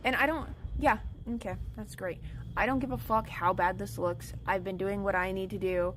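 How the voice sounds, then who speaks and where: A woman's voice: mid-range voice, fairly even intonation, normal speed, slight background noise, poor audio. A woman streamer in an angry, upset rant, swearing and repeating herself.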